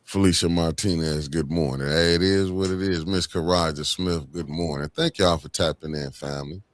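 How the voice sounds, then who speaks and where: A deep-voiced man hosts a casual livestream chat. He talks in loose slang and greets his viewers one by one by name. His tone stays low and easygoing. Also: steady tone, moderate pace, no echo. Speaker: livestream host.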